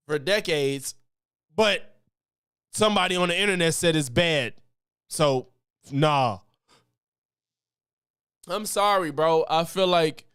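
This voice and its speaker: High-voiced, profane ranting man. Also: clean tone, no room sound, studio quality. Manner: profane, animated ranting with laughs. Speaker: streamer reacting to news clips. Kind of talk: casual commentary stream.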